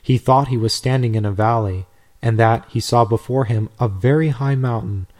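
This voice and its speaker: A man reading a devotional story aloud in a measured, steady way. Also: mid-range voice. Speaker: narrator.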